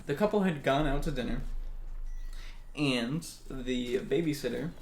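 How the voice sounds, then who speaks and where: A man's voice: medium pitch, measured pace. A man casually telling a spooky story, jokey and laughing at his own asides, recorded in an echoey room. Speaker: storyteller host. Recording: echoey room, faint hiss.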